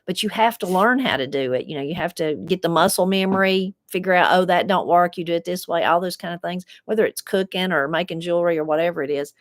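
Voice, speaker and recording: Low-voiced folksy Appalachian woman. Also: no room sound, studio quality. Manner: unhurried, folksy, reflective. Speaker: host reading viewer comments. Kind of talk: casual chat.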